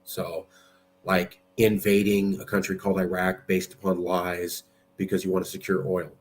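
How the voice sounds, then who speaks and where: Combative man with a low voice. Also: monotone, normal speed, a little hiss or hum. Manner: combative, argumentative, blunt. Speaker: political movement president. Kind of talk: political commentary with screen share.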